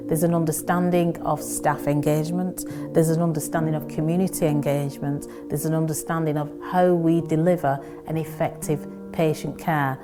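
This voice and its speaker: A health service manager speaks in a measured, earnest way about staff and patients. Her voice sits very low, and clear music plays behind her. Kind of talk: interview statement.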